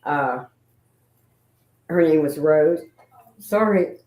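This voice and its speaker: A woman's voice: deep voice, moderate pace, reverberant, rough recording. A woman, a paranormal investigator telling emotional, rambling stories in casual chat.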